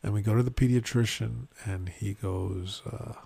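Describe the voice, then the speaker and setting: Podcast co-host, male, gravelly voice, animated storyteller who acts out quotes. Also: normal speed. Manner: animated retelling, acts out quotes with sudden rises in pitch. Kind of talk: casual storytelling chat.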